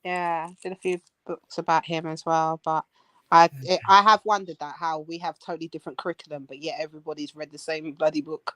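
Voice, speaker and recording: A woman's voice: deep voice, level tone, fairly bright tone, dry recording, poor audio. Chatty woman on a dry call line. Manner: chatty, quick to laugh. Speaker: panelist. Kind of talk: casual group chat. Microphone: online call.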